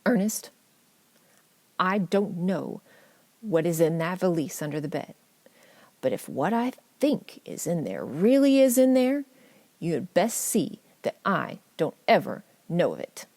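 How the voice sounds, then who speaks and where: A woman's voice: fairly low pitch, sing-song, measured pace, mellow, full character voice. A woman playing a stern old grandmother. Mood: stern warning. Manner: firm, warning.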